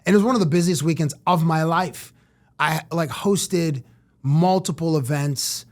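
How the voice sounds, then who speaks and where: A middle-aged man from Canada tells stories as a podcast guest, in a fairly high voice. He slips into quick impressions of the people he talks about. His delivery is casual and lively. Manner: animated storyteller who acts out quotes. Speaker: sports TV personality, guest. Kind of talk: casual interview storytelling.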